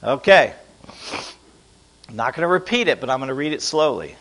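A man's voice: mid-range voice, expressive, moderate pace, long pauses, fairly bright tone. A man preaching to a congregation, playful and quizzing his listeners as he goes. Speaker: pastor teaching a congregation. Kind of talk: lively sermon to a live audience.

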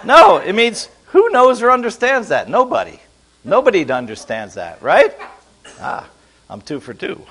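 A man's voice: high-pitched, very animated, moderate pace, fairly bright tone. A man preaching to a congregation, playful and quizzing his listeners as he goes. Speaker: pastor teaching a congregation. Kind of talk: lively sermon to a live audience.

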